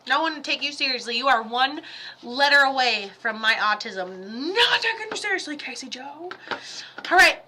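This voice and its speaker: Chatty bright-voiced woman giving readings. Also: high-pitched, expressive, slight background noise. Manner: chatty, rambling, quick asides and quoted voices. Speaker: medium giving live readings. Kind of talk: casual livestream readings.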